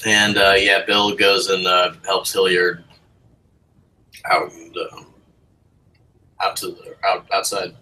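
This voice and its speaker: A man's voice: low voice, flat delivery, takes it slowly, long pauses, pushed and bright, poor audio. A young man narrating a tabletop horror game as game master, casual and rambling, with lots of ums and swearing.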